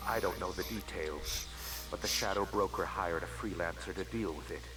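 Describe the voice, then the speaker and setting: An actor voicing a polite, scheming male alien financial agent in a video game, speaking in a courteous, formal, flattering way. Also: low-pitched, moderate pace, over music, lightly acted. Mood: smooth formal. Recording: noisy game audio capture.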